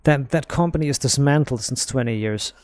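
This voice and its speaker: A man's voice: medium pitch, fairly quick, darkish tone. A young man streaming a game, rambling through a story with casual swearing. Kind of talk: casual gaming chat.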